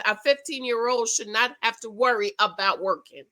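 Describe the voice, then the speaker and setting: A woman with a bright, forceful voice talks straight to her viewers in a casual commentary. She is expressive and emotional, jumping from loud excitement to quiet asides. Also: on the high side, moderate pace, poor audio. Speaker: vlogger reviewing a reality show.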